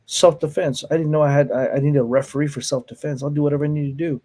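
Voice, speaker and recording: A martial arts instructor, appearing as a podcast guest, tells stories in casual conversation, cursing freely, laughing a lot and acting out what others said. His voice is fairly high and mellow, with a steady tone, and he talks fast with few pauses.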